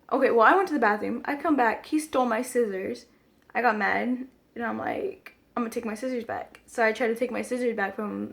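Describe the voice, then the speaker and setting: A woman's voice: on the high side, vocal fry, fairly bright tone. A woman vlogging a casual storytime, rambling with lots of "like" fillers, talking to her camera mic.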